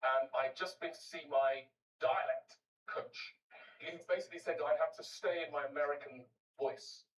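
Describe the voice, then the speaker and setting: An actor on a comedy panel, earnest and halting as he defends a story. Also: a little high, steady tone, echoey room, distant mic, low-quality recording. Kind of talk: anecdotal panel show chat.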